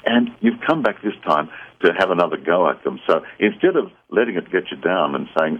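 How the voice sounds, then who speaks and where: Deep-voiced guy, kinda husky, earnest advice, tinny phone-line sound. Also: lively intonation, a little fast. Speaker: psychic guest. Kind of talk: radio call-in chat.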